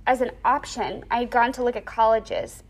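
A young woman in a casual interview, telling a personal story with lively acted-out quotes and lots of "like". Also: a little high, moderate pace. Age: young adult. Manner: animated storyteller, acts out quoted voices; frequent "like" fillers.

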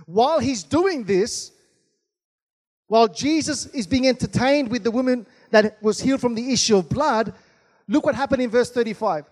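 A pastor preaching to his congregation, his very high voice ringing through a large church hall. He keeps stopping to call out amen and hallelujah, and the long reverb trails after each phrase. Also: normal speed, a little mellow. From Australia. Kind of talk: sermon.

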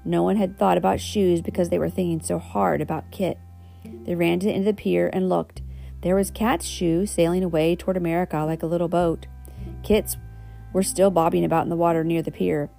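Gravelly, mellow woman reading a storybook. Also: fairly low pitch, steady tone, brisk, soft background music. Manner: homely, with asides and self-corrections. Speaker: reader. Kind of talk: reading a children's storybook aloud.

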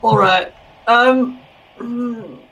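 A man playing a tabletop game, talking politely with halting, deliberate phrasing. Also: very high voice, bright, forceful tone, low-quality recording. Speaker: player. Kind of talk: casual tabletop play.

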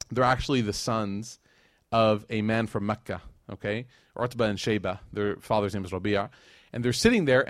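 A young adult man giving a religious lecture, telling a story with lively acted-out quotes and jokes to the audience. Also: medium pitch, no room sound, clean studio sound.

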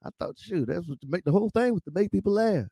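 Animated man with a gravelly voice. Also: fast talker, dry recording. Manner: acts out voices with high-pitched impressions and laughs. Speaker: stand-up comedian guest. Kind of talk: animated storytelling.

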